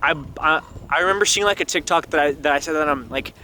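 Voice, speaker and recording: A man's voice: fast, sharp tone, a little hiss or hum. A young man playing through a story game outdoors, reading the dialogue aloud in silly voices and joking between lines. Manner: playful, voices characters in high falsetto, rambling asides. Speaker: gaming YouTuber. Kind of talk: voicing game dialogue with commentary.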